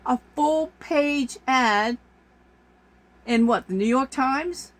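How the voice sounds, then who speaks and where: A woman's voice: sits high, takes it slowly. A woman vlogger delivers an exasperated, emphatic rant to camera, repeating her points for force. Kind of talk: ranting monologue to camera.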